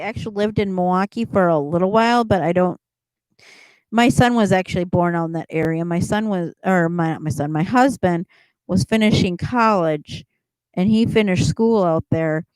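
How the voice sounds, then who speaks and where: A woman's voice: mid-range voice, a little mellow, dry recording. A middle-aged woman hosting a casual livestream chat, rambling as she answers viewers and laughing often. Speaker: livestream host chatting with viewers.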